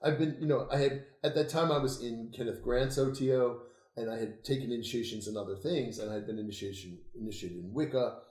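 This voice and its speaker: Laughing older man telling animated stories. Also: medium pitch, quick pace. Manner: animated, laughing storyteller, swears freely. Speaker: interview guest, occultist author. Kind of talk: casual storytelling conversation. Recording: roomy echo.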